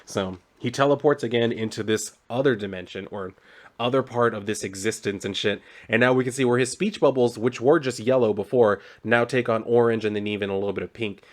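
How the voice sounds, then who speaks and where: A man's voice: medium pitch, brisk. A man reviewing a comic book, retelling the plot in a loose, profane, casual way full of "like".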